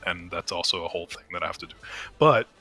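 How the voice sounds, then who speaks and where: A man's voice: deep voice, fast talker, bright, forceful tone, slightly rough, faint music behind. A young man casually rambling and swearing as he streams a game from home on a desk mic. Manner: chatty, profane, full of fillers and restarts. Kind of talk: casual rambling commentary over gameplay.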